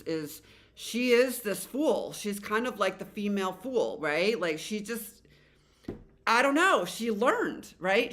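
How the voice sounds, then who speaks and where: A middle-aged woman giving a casual tarot reading, rambling with many fillers and restarts and casual swearing. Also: medium pitch. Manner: animated voices when quoting the cards. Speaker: tarot reader.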